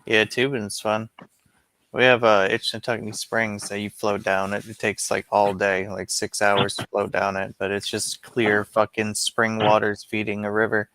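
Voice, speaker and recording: A man's voice: lowish voice, monotone, moderate pace, fairly bright tone, a little hiss or hum. A young man in casual chat, telling long profane stories in a rambling way.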